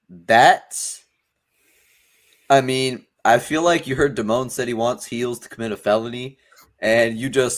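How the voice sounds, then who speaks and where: A man's voice: mid-range voice, a little slow. A man in casual podcast chat, laid-back and swearing casually.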